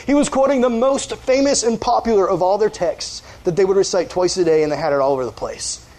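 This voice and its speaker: Upbeat youth pastor man preaching. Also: fairly high pitch. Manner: casual, energetic, joking with the audience. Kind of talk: youth sermon.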